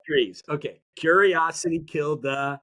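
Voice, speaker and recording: A man talking as a podcast guest in an energetic, motivational way, drawing the audience in. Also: on the high side, a little slow. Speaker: podcast guest, mindset educator. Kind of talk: conversational interview.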